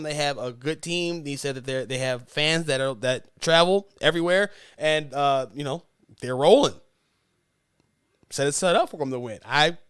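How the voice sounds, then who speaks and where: A man's voice: fairly high pitch, a bit bright, smooth, no echo, clean studio sound. A man hosting a sports podcast, talking casually and with strong opinions, rambling a bit and correcting himself as he goes. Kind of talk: casual sports talk monologue.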